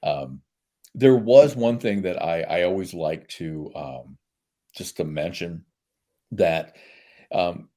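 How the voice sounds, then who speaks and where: A man guest in a casual interview, telling lively anecdotes and laughing often. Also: deep voice, slow, pauses often. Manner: animated storyteller, laughs often.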